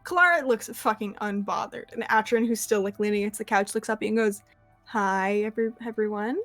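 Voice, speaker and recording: A woman's voice: mid-range voice, quick pace, a bit bright, dry recording, faint music behind. A young woman narrating a tabletop game as game master, rambling through descriptions with many fillers.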